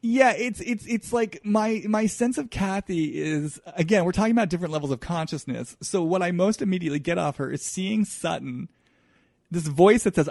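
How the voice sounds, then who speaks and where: Guy doing a solo podcast, bit of vocal fry, dry close sound, thinks out loud. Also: sits high, lively intonation, no echo. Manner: earnest, searching, halting. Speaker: podcast host. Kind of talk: solo introspective podcast monologue.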